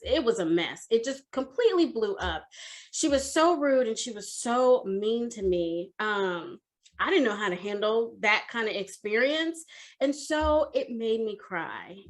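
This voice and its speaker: A middle-aged woman career coach tells a personal story in a motivational talk. Her voice sits a little high. She talks in an animated, conversational way.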